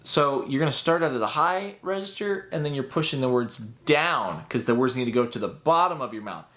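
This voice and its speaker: A man's voice: mid-range voice, expressive, a little fast, fairly bright tone. A man teaching a voice acting tutorial in an upbeat, chatty way that breaks into laughs at his own asides.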